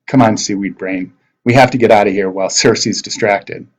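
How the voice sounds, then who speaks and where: A man reading as a brisk, determined teenage girl. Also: on the low side, steady tone, slightly rough, low-quality recording. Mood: urgent.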